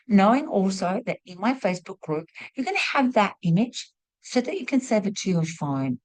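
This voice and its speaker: A woman's voice: mid-range voice, big pitch swings, moderate pace. Woman hosting an online spiritual class. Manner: warm, repeats praise words in threes. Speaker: host and spiritual teacher. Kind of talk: live online class, leading a sharing round.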